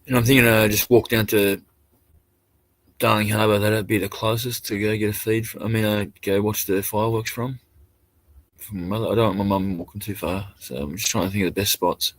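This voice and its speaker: A man's voice: lowish voice, fairly even intonation, a little fast. An Australian man chatting casually on a live stream, rambling and laid-back, swearing now and then.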